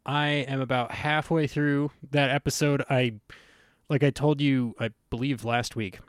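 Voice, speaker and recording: A man hosting a podcast in casual chat, rambling and interrupting himself with lively asides. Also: medium pitch, measured pace, no room sound, studio quality. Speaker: podcast host.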